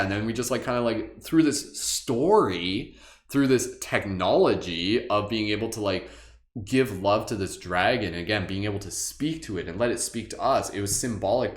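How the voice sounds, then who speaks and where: A man's voice: fairly low pitch, roomy sound. A man hosting a live meditation stream, chatting casually in a rambling, playful way full of "like". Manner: rambling, heavy use of "like"; playful, wondering. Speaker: meditation host. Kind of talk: casual livestream chat.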